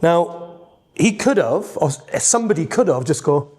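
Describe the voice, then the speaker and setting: A middle-aged Welsh man and entertainer, telling rambling, animated stories in a podcast conversation, full of restarts. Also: a little high, measured pace. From Wales.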